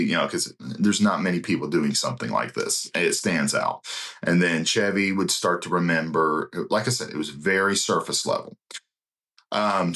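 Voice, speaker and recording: A man working as an evangelist, telling a story in an earnest, reflective way with many pauses. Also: low voice, fairly bright tone. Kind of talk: conversational storytelling.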